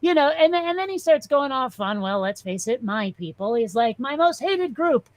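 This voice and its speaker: A woman's voice: on the high side, moderate pace, slight background noise, poor audio. A woman hosting a casual chat show, telling rambling, profane comic stories. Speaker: show host.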